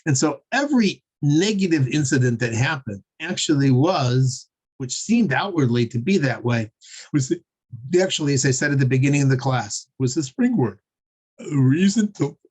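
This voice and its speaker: Halting, chuckling male storyteller. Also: medium pitch, animated, darkish tone, breathy edge. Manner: halting, repeats words, many fillers; chuckles while telling. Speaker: Torah teacher. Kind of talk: storytelling class lecture.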